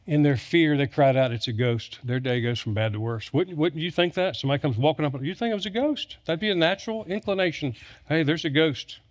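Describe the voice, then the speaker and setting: Male pastor, drawl, slightly high voice, emphatic storytelling sermon. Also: expressive, quick pace, few pauses. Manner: storytelling with humor, emphatic repetition.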